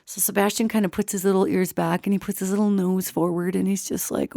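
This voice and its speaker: A woman host telling an animated story in a casual, expressive way, acting out quotes. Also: mid-range voice, fast talker, dry recording, clean studio sound. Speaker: radio show host.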